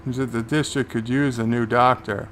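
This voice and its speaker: A man's voice: medium pitch, fairly even intonation, moderate pace, fairly bright tone. Brief: male host, laid-back watch-along commentary, mid-range voice, faint background hiss. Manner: casual, recaps scenes and paraphrases lines. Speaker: show host and reviewer.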